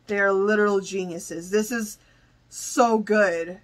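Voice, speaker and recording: A woman's voice: fairly high pitch, animated, slow pace, fairly bright tone. A young woman hosting a music reaction, gushing and exclaiming, often repeating herself as she reacts. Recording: song playing in the background.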